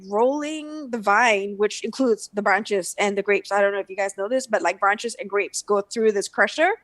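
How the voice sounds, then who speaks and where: A woman co-hosting a casual livestream chat, telling stories with lively acted-out reactions. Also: mid-range voice, no room sound. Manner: animated storyteller, acts out her own reactions. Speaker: co-host.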